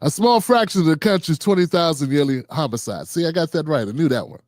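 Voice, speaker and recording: A man's voice: on the high side, expressive, quick pace, a little mellow, no room sound, studio quality. A man hosting a livestream of political commentary, reading out notes and reacting with heated sarcasm. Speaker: livestream host.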